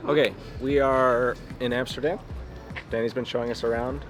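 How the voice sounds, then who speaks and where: A man's voice: mid-range voice, flat delivery, moderate pace. A young man, a racing driver, chatting casually in a vlog, upbeat and self-deprecating. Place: outdoors in a city, then at a race track. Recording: music playing under the voice.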